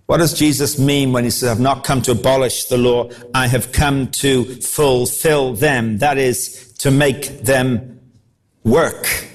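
A man preaching a sermon, acting out the crowd's reactions with animated delivery. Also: mid-range voice, unhurried, faint music behind.

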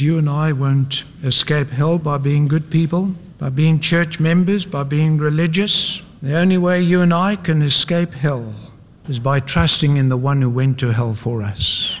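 A man preaching a sermon with an emphatic, repetitive cadence. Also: fairly high pitch. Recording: long reverb of a large hall.

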